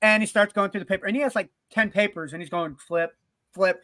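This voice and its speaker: A man co-hosting a sports podcast, telling stories in a casual, animated way. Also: high-pitched, a little fast, no room sound. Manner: animated storyteller, acts out quotes. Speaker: podcast co-host.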